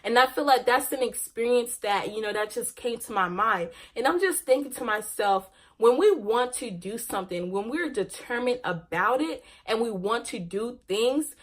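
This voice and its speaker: A woman's voice: on the high side, lively intonation, normal speed, hardly any pauses. A young woman vlogger telling a casual personal story, laughing often and ending on a faith message.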